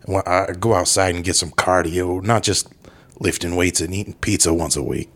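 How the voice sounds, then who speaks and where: A man doing a deadpan impression of a tough-guy action star. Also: deep voice, moderate pace. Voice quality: gravelly. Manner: deadpan boasting.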